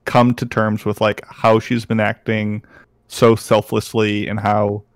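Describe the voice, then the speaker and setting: A young man co-hosting a podcast, talking in a relaxed, loose way full of fillers. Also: lowish voice, measured pace, dry recording. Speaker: podcast co-host. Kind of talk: casual anime review chat.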